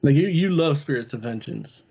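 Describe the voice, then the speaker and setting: A man's voice: mid-range voice, lively intonation, moderate pace, gravelly, warm tone, breathy edge. A man co-hosting a casual movie podcast, blunt and opinionated. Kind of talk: casual chat about movies. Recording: dull lo-fi sound.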